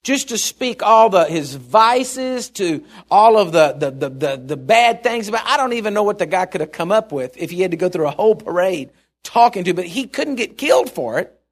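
A man's voice: high-pitched, big pitch swings, moderate pace. A middle-aged male pastor preaching a sermon, telling stories in a rambling, chuckling way with many restarts.

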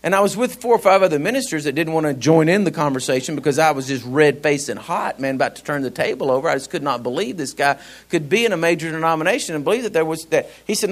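A male pastor, telling a personal story in a sermon, laughing and animated. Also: a little high, quick pace.

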